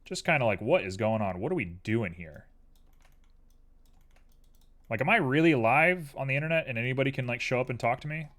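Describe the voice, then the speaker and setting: Sleepy guy streaming, rambling chat while he models stuff, middle pitch. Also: animated, brisk, long pauses, a bit bright. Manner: drowsy, rambling, chatty. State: tired.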